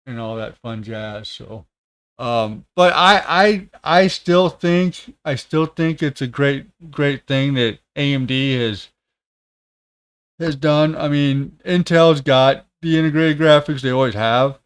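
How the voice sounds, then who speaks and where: Casual tech streamer, male, thirties, unhurried and rambling, clean voice. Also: medium pitch, clear, resonant tone. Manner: halting, many fillers and restarts. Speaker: tech content creator. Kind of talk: casual livestream chat.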